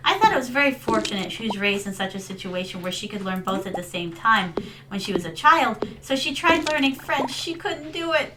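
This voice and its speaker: Chatty woman streamer, high bright-pitched voice, sprinkles in Japanese words and endearments, steady noisy background hiss. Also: fairly quick. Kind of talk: casual live-stream gameplay chat.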